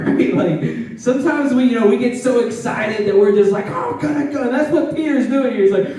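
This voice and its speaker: A man preaching a lively youth sermon, animated and conversational, with tag questions and laughing asides. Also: sits high. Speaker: youth pastor. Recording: echoey hall, distant mic.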